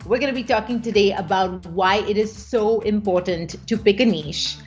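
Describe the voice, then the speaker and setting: A woman's voice: medium pitch, moderate pace, faint music behind. A woman coaching her viewers in a casual live stream, chatty and playful, often laughing.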